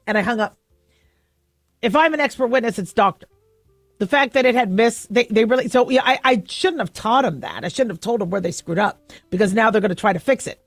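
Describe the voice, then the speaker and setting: Lively woman radio host telling a story. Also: on the high side, no echo, studio quality. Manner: animated storytelling, acts out both sides of a phone call. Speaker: radio talk show host. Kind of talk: casual talk radio monologue. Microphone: studio microphone.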